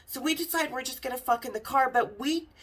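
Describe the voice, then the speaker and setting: A woman hosting a podcast, telling a candid story in a casual, profane and animated way. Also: sits high, fairly quick, slightly rough.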